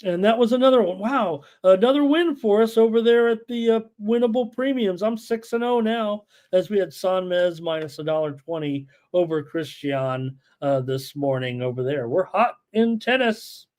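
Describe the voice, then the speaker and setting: A man hosting a live sports betting show, excitable and full of "uh" fillers, reading viewer chat aloud. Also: high-pitched, normal speed, few pauses.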